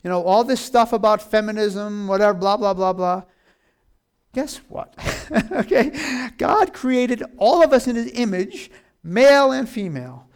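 Older male preacher, high voice, chatty and playful, laughs a lot between points. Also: expressive, measured pace, smooth. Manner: folksy, jokey, acts out voices, laughs often. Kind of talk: casual sermon.

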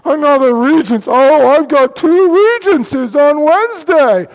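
A man voicing a self-pitying high-school student who groans about his exams. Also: expressive, measured pace, full character voice, low-quality recording. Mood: whining.

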